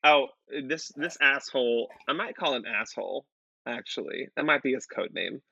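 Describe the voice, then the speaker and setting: Male podcast guest, bright forceful voice, dry dull lo-fi sound, animated swearing storyteller. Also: mid-range voice, moderate pace, creaky, breathy edge, no room sound. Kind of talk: casual storytelling chat.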